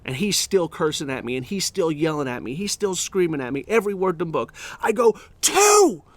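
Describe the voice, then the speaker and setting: A man hosting a podcast, telling a story in an animated way with many fillers and restarts. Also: on the high side, fast talker, no room sound. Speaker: podcast host. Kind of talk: storytelling monologue.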